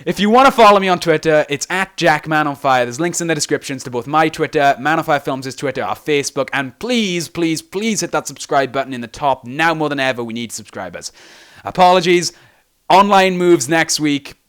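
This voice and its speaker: A man's voice: on the high side, expressive, a little fast, fairly bright tone, clear, resonant tone. A young man hosting a casual game tutorial, rambling and self-deprecating, sounding tired. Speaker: video game tutorial host.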